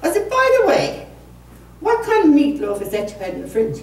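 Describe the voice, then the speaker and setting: A woman in her 70s with a high voice, wildly swooping pitch, and a slightly fast, slightly mellow delivery tells a rambling, funny tale at a community concert. She laughs at herself in front of the live audience, captured by a distant mic in an echoey community hall with faint room noise.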